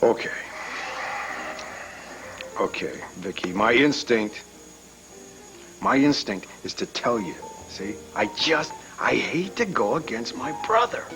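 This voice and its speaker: A man's voice: mid-range voice, big pitch swings, slow, pauses often, music in the background, poor audio. An actor playing a reluctant man keeping his brother's secret, stammering and hesitant. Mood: torn. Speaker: brother torn over a secret. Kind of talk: daytime soap acting.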